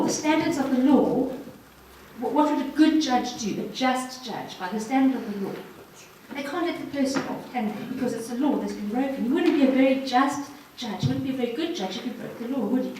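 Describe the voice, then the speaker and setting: At a ladies' social evening, a guest speaker with a high, darkish-toned voice gives an earnest, encouraging personal testimony directly to the audience. The recording is from far off in an echoey hall, with slight background noise.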